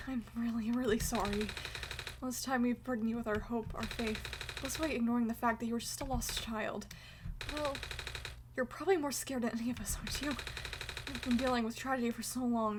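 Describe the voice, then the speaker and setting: A woman's voice: a little high, fairly even intonation, brisk, background noise, natural voice. A woman voicing an anxious, apologetic construct character, with game music behind. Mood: worried.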